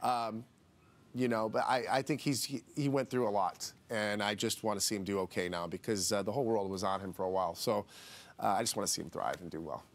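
A man's voice: on the low side, fairly quick. A man in his forties, a reality TV guest chatting casually in a TV studio interview, rambling with restarts and turning emotional about family.

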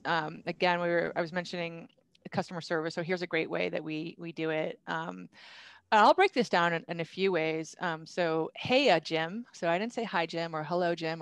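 A woman's voice: lowish voice, clean tone, no echo. Chatty, laughing woman presenter. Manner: upbeat, chatty, laughs often. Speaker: guest speaker, company founder. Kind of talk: casual webinar presentation.

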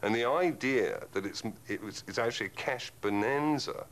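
A man's voice: mid-range voice, normal speed, a bit bright, rough recording. A man delivering an eloquent, sardonic rant as an interviewee. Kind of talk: ranting commentary.

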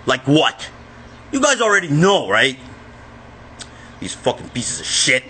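A man filming himself in an agitated, profane rant that often breaks into shouting. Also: a little high, huge pitch swings, measured pace, a little hiss or hum. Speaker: vlogger. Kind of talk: angry self-filmed rant.

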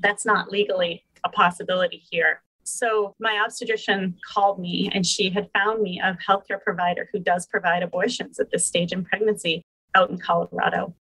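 A woman in her forties from Boston speaks as a podcast guest, her voice sitting at an ordinary middle pitch. She tells her own story candidly and earnestly, in a plain conversational way. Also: little pitch movement, normal speed, gravelly, fairly bright tone, husky, rough recording. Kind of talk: personal storytelling in an interview.

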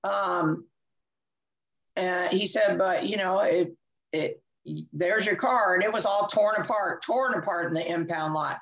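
A woman's voice: fairly low pitch, measured pace, dull audio. A woman, an interview guest, telling a candid personal story, laughing often and acting out dialogue. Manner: animated, laughs often, acts out quoted dialogue.

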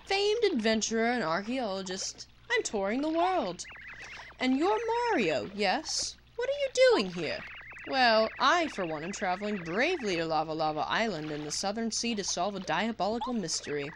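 A woman voicing a pompous upper-class male adventurer with plummy, drawn-out exclamations. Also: mid-range voice, big pitch swings, noisy background, natural voice.

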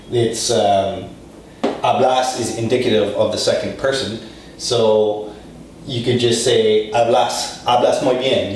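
A man's voice: mid-range voice, a little hiss or hum. A man teaching a casual Spanish lesson, explaining loosely and informally with plenty of fillers and the odd swear word. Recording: very echoey room, distant from mic.

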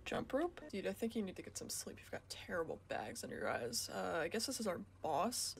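With game music in the background, a woman makes joking commentary over horror games, yelping and crying out whenever she gets spooked. Her medium-pitched voice is very animated, fairly quick, gravelly and slightly rough, with few pauses. She is a gaming YouTuber.

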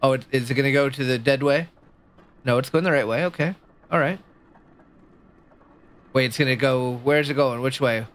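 Speaking at a moderate pace with frequent pauses, a woman offers casual commentary to her viewers as she plays a video game. Nervous or excited moments send her voice into a high squeak.

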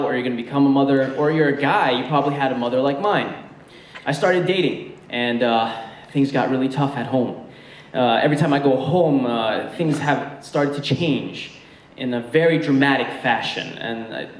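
A young man doing a stand-up set, telling a story in a chatty way with many fillers. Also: mid-range voice. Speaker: stand-up comedian. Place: comedy stage with a live audience. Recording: echoey venue from far off, faint noise.

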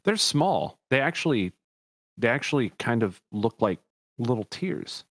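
A man's voice: medium pitch, sing-song, a little slow, no room sound, studio quality. A man narrating a tabletop game as dungeon master, rambling and correcting himself as he describes things.

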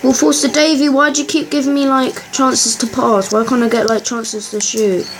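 A woman giving excitable, chatty commentary while playing a football video game, cheering and muttering by turns. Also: sits high, normal speed, background noise. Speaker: gaming channel host. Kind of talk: live gameplay commentary.

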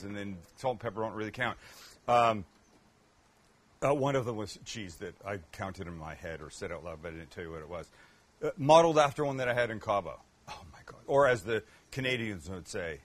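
A man's voice: lowish voice, animated, brisk. A man hosting a cooking show, chatting casually and joking with self-mocking asides as he cooks. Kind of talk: casual cooking demo chat.

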